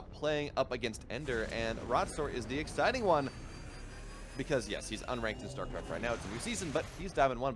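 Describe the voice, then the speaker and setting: A man's voice: mid-range voice, fairly bright tone. A man casting a live esports match, chatty and enthusiastic in long run-on stretches. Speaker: esports caster. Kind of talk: live game commentary.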